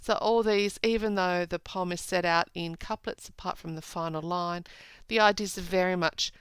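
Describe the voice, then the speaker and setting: A woman teacher giving a poetry analysis lesson, slowly rereading lines and drawing out their meaning. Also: fairly low pitch, fairly even intonation, clear, resonant tone, no echo, rough recording. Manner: slow, deliberate, rereads lines aloud. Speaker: English teacher.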